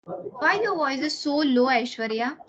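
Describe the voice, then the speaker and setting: A woman's voice: high-pitched, expressive, measured pace, fairly bright tone, slight background noise. A woman teaching an online class, explaining step by step and often checking in with "okay?". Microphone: computer mic on a video call. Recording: lo-fi online meeting recording.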